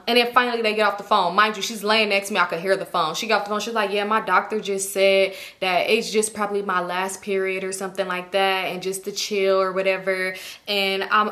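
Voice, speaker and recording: Bright-voiced woman telling a story. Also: medium pitch. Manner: candid, profane, retells with quoted dialogue. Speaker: storytime YouTuber. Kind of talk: casual storytime.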